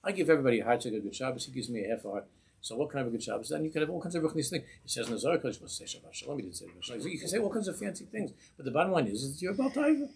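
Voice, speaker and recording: A man giving an informal Torah class as a rabbi, lively and humorous, laughing at his own examples and mixing in Hebrew and Yiddish terms. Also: mid-range voice, rapid-fire, vocal fry, a little hiss or hum. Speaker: rabbi teaching a weekly class.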